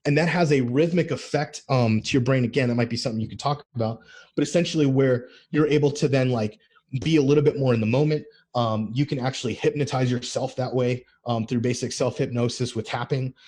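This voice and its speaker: Husky guy hyping people up on a podcast, preachy, gets fired up. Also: medium pitch, fairly quick. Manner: energetic, preachy, builds up intensity. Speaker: podcast co-host. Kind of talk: motivational podcast talk.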